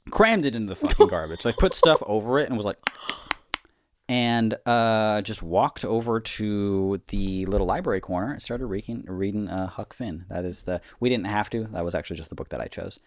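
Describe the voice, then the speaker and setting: A man's voice: on the low side, lively intonation, moderate pace. A man co-hosting a comedy podcast, telling a rambling, profane story full of filler words. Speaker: podcast co-host.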